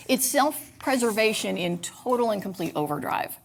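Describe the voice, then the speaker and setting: A woman giving a sermon at church in a candid, confessional way, halting with fillers. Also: mid-range voice, expressive. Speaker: church speaker.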